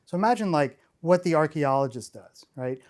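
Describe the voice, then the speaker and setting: A man's voice: fairly high pitch, animated, normal speed, a little mellow. A middle-aged man giving a storytelling keynote talk, enthusiastic and rambling, often restarting his sentences. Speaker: conference speaker.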